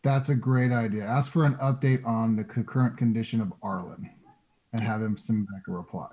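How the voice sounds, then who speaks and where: A man's voice: lowish voice, fairly even intonation, a little fast, warm tone. A man playing a tabletop game, offering thoughtful suggestions. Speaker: player.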